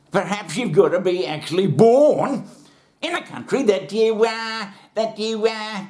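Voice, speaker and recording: Australian man, comic rant, rambling, sarcastic, sweary, very lively intonation. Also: high voice. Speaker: comedy host.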